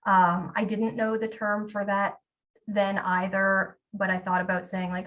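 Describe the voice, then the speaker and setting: A woman's voice: medium pitch, little pitch movement, moderate pace, fairly bright tone, distant mic. A woman in her forties gives a storytelling talk to an audience. She is candid and self-deprecating, with a mid-range voice and occasional ums. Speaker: keynote speaker.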